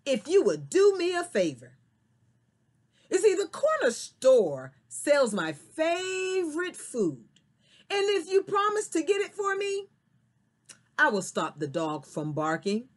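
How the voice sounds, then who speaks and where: A woman voicing a loud, proud owl in a children's story, with shrill booming hoots. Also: huge pitch swings, takes it slowly, full character voice. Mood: bargaining.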